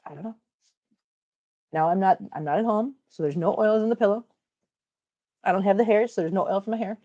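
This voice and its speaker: Middle-aged woman, livestream host, chatty, joking, reads chat aloud, medium pitch, lo-fi sound. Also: a little fast, mellow.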